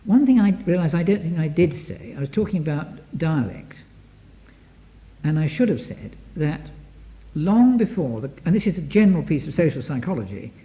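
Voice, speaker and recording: Man giving a lecture, high-ish voice that swoops around, lots of restarts, muffled lo-fi tape. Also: normal speed. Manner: lively, digressive, many restarts, taps out rhythms. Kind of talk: lecture to an audience. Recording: dull lo-fi archive tape.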